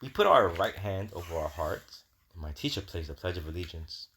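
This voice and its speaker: Deep-voiced man reading a children's story. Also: animated, a little fast, a bit bright, slight background noise. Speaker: storybook reader. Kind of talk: children's read-aloud.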